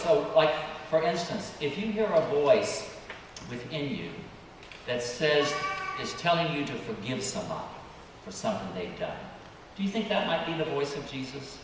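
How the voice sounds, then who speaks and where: A priest gives a children's sermon in a church. He talks with a lively, rising and falling pitch. He puts gentle questions to the children and waits for their replies, and his voice carries a long, echoing reverb from a distant mic. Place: church sanctuary. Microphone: distant room mic. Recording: echoey church hall, distant mic, background noise.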